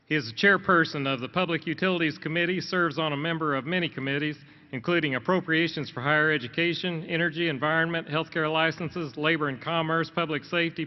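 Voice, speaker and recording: A man acting as emcee, reading a speaker's introduction and titles aloud, stumbling over a few words. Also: fairly high pitch. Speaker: rally emcee. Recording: dull lo-fi sound with long reverb.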